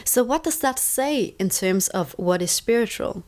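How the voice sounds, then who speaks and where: A woman's voice: a little high, lively intonation, moderate pace, darkish tone. Emphatic Danish-accented woman. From Denmark. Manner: emphatic, repeats words for stress. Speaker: interview guest, stress coach. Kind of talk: reflective conversational explaining.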